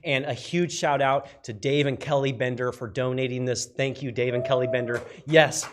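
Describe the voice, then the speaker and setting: A man calling bids as auctioneer at a live charity auction, energetic and repetitive, often shouting. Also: mid-range voice, normal speed, background noise.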